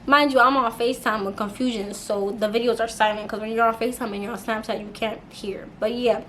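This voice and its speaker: A young woman telling a storytime for her channel in a casual, animated way, laughing as she talks and using plenty of slang and swearing. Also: fairly high pitch, brisk, slight background noise. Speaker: YouTuber.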